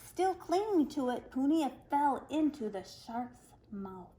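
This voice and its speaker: A woman reading a folktale aloud to children, expressive and animated. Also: high-pitched, takes it slowly, poor audio. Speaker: children's storyteller.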